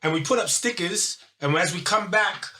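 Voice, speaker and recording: A man, pitched a little high, with a bright, forceful tone. He tells animated stories in a casual interview and laughs easily. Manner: animated storyteller, quick to laugh. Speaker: guest, former group member.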